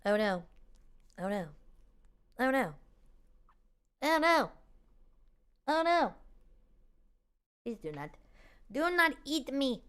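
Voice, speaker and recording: A woman's voice: high voice, sing-song, slow pace, long pauses, a bit bright, smooth, full character voice. A woman voicing her frightened female pet cat, pleading over and over. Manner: pleading, repeating herself.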